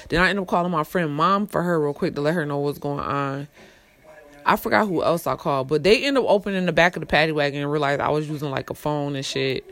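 A young adult woman telling a personal story in a casual rant, blunt and full of swearing, dropping to low mutters and rising to loud outbursts. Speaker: storyteller vlogger.

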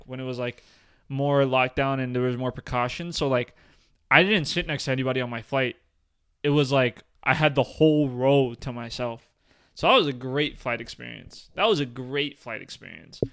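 A young man in his early twenties co-hosts a casual podcast, telling stories with lots of energy and cursing freely. His voice is smooth and clear, at an ordinary middle pitch for a man. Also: no room sound, clean studio sound. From New Jersey. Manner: animated storytelling, swears freely, restarts words. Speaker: podcast co-host. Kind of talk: casual chat.

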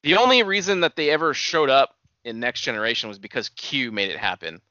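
A man's voice: medium pitch, expressive, fairly quick, sharp tone, dry recording, dull audio. Fan-savvy man explaining show lore. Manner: knowledgeable fan, explains lore with hedging asides. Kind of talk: casual chat about a TV series.

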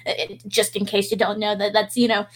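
A woman's voice: medium pitch, flat delivery, a little fast. A woman playing in a tabletop game, explaining her thoughts with hedges and "you know". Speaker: player. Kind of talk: casual tabletop role-play.

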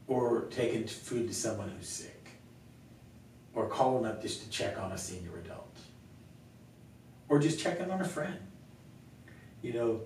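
A male pastor talking earnestly in a conversational Q&A, telling stories with gentle laughs. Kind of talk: conversational Q&A teaching. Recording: echoey room, mic far off, faint rumble.

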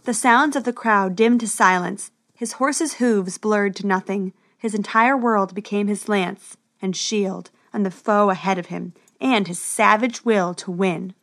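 A woman narrating a storybook adventure in a steady, expressive way. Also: medium pitch, measured pace, few pauses.

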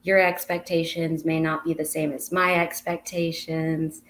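A woman's voice: deep voice, level tone, measured pace, a bit bright, slight background noise. A young woman co-hosting a casual podcast, talking things through reflectively with many fillers. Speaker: podcast co-host. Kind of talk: casual chat.

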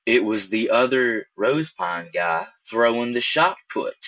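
A man's voice: mid-range voice, measured pace, no room sound. A young man telling a rambling, casual story, acting out each exchange as he goes. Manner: rambling, animated, acts out quoted exchanges. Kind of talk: casual anecdote.

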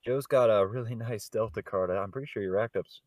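A man's voice: on the low side, fast, a little mellow, no echo, clean studio sound. Casual, chummy man co-hosting a comedy bit. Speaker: podcast co-host. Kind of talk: improvised comedy role-play.

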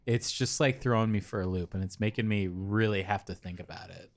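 A man's voice: on the low side, brisk, creaky. A man co-hosting a beer tasting podcast, talking casually and rambling, laughing a lot. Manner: rambling, laughs a lot, does silly voices. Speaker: podcast co-host. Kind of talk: casual chat tasting beers.

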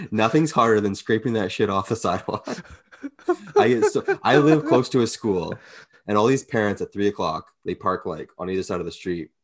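A man's voice: fairly low pitch, moderate pace. A man in casual podcast chat, telling stories with frequent laughs. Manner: laughs often, lively storytelling. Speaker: podcast co-host.

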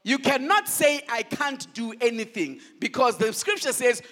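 Speaking at normal speed with a very high voice, the male pastor preaches and fires call-and-response questions at the congregation. His animated style moves from loud declaring to soft asides.

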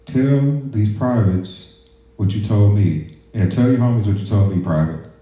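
A man voicing a harsh, taunting male army drill sergeant who yells commands, in an echoey room on a muffled recording. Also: lowish voice, a little slow, pitched above the performer's own voice, natural voice. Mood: taunting, barking. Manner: yelling commands, mocking.

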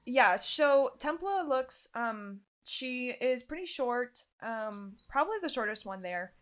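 Bright-voiced young woman narrating slowly. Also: on the high side, lively intonation. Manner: hesitant, full of ums, describing slowly. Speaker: player. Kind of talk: tabletop role-play narration.

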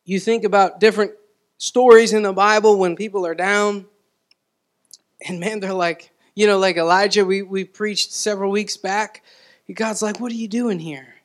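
A man's voice: high-pitched, steady tone, moderate pace. A man preaching a sermon as pastor, in a conversational way, repeating words and asking the congregation questions.

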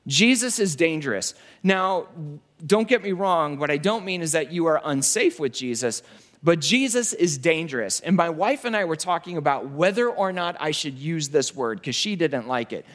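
Emphatic male pastor, fairly high voice. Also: animated, a bit bright. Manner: emphatic, repeats key phrases, drops low and slow for weight. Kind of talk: sermon.

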